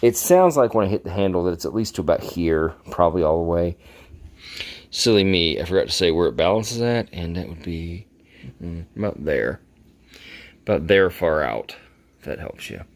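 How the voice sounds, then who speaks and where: Deep-voiced man rambling about swords. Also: expressive, normal speed. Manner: rambling, self-deprecating, chuckles at himself. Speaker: sword collector reviewing his gifts. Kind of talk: casual show-and-tell vlog.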